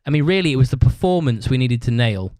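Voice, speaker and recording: A man's voice: mid-range voice, expressive, fast, no room sound. Guy ranting thru a band story, swears a ton, dry close mic. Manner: swears constantly, rambling; acts out other people's shouted lines. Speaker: podcast host. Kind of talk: casual storytelling monologue.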